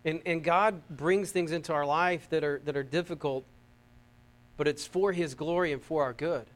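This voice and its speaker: A man from the United States preaching a sermon, fervent and emphatic, swinging between loud peaks and quiet asides and repeating his phrases. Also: fairly high pitch, moderate pace. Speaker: pastor.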